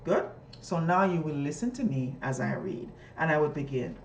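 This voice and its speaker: A woman teacher explaining a reading lesson, often jumping high in pitch as she models questions to students. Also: lively intonation, moderate pace, a little hiss or hum. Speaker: teacher trainer. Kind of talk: instructional talk modeling a classroom lesson. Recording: echoey room.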